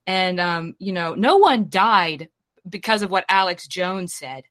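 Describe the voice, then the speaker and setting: A woman's voice: on the low side, animated, measured pace, fairly bright tone, no room sound. A woman calling in to a talk show, speaking hesitantly with many fillers. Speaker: caller. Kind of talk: casual call-in chat.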